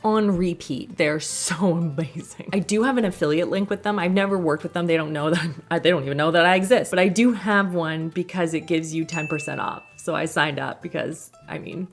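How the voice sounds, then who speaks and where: A woman's voice: fairly low pitch, normal speed, faint music behind. A woman casually talking through products she uses at home in a chatty, rambling way, laughing often between thoughts. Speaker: lifestyle vlogger.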